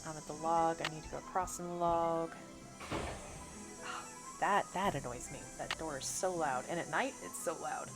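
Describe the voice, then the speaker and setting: Casting: woman game streamer, slight Missouri twang, lowish voice, chatty, game music playing behind. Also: fairly even intonation, moderate pace. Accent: Missouri Bootheel twang. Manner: chatty, thinks aloud, reads chat. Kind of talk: livestream gameplay commentary. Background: game music and cicadas.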